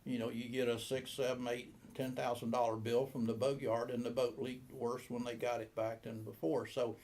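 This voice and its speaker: Gravelly older man telling a story. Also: medium pitch, flat delivery, fairly quick, a little mellow. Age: 70s. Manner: rambling anecdotal, acts out quoted dialogue. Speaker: boat shop owner. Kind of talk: storytelling interview.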